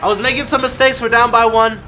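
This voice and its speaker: A man giving live commentary over a basketball video game, excitable, shouting at his players and laughing often. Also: extremely high pitch, quick pace, faint music behind. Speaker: gaming YouTuber.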